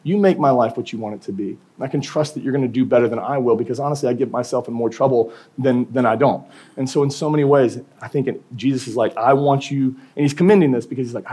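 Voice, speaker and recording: A man's voice: mid-range voice, quick pace, dark tone, slightly rough. A young man preaching a sermon as pastor, in a casual, conversational way with humor and quoted asides.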